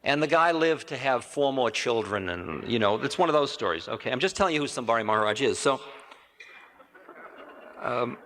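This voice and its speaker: A man's voice: medium pitch, animated, normal speed, a bit bright. A man giving a spiritual storytelling lecture in a rambling, conversational way, correcting himself and adding asides. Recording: reverberant 1980 hall recording.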